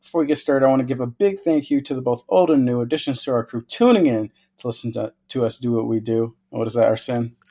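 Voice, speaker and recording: A man's voice: mid-range voice, fast, hardly any pauses, mellow. A man hosting a video game podcast, talking casually in an upbeat, teasing, rambling way. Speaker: podcast host. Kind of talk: casual chat.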